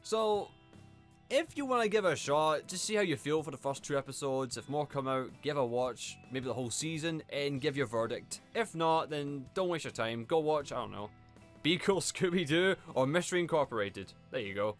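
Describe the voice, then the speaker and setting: A man's voice: fairly high pitch, normal speed. A man giving a casual, sarcastic video review, exasperated and mocking, with faint music behind. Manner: animated, sarcastic, exasperated, mocking quoted voices. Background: faint background music.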